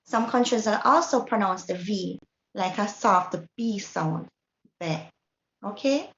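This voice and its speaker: A woman's voice: medium pitch, measured pace, a bit bright. A woman with a Jamaican accent leads a workshop lesson, explaining step by step and checking in with the group. Her voice carries around an echoey room, and the recording sounds dull and lo-fi. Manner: patient, checks in often with the group. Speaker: Spanish teacher.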